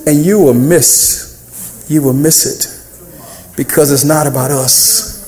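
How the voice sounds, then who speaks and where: Animated preaching pastor, higher-pitched man. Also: slow. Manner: animated preaching with call-and-response and sung phrases. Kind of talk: sermon. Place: church sanctuary. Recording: echoey church room.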